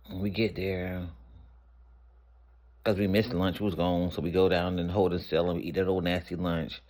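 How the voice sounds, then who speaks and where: A man's voice: low voice, darkish tone. A man telling a personal story in a casual, candid storytime vlog, rambling and restarting as he goes. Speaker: storyteller vlogger.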